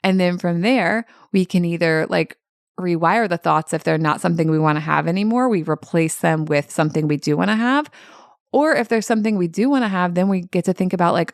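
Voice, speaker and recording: A woman's voice: on the low side, a little fast, no echo, clean studio sound. A woman life coach hosting her own podcast, talking candidly and animatedly, swearing freely and saying "like" a lot. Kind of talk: casual solo podcast talk.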